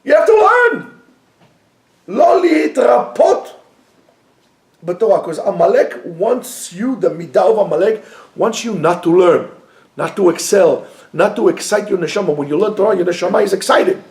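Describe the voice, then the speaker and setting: A man teaching a lively Torah class to students, joking and mixing in Hebrew phrases. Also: sits high, brisk, reverberant.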